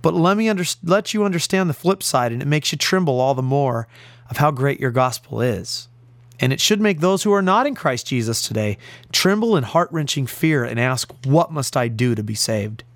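A man's voice: medium pitch, lively intonation, normal speed, no room sound, studio quality. A man preaching a radio sermon as pastor, stressing key words with emphatic force.

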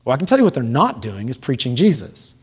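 Man, preacher, sermon, earnest and emphatic, lively swinging voice. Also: medium pitch, husky. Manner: earnest, emphatic, rhetorical questions; reads scripture aloud in measured cadence.

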